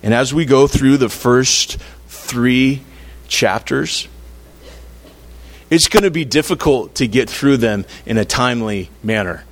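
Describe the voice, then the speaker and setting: A man's voice: mid-range voice, slow. A man preaching a sermon in a conversational, playful way, acting out little quotes to make his point. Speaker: pastor.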